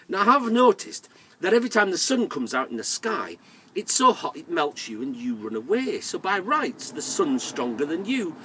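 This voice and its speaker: A storyteller playing a lazy young boy who eagerly shouts at the things he thinks are strong. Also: on the high side, sing-song, moderate pace, a little hiss or hum, pitched above the performer's own voice. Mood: boastful calls.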